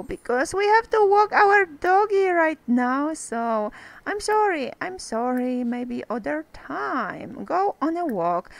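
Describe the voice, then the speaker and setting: Woman gamer, high bouncy voice, chatty play-by-play. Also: no room sound, poor audio. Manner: chatty, talks to game characters, exclaims over cute moments. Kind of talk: casual gameplay commentary.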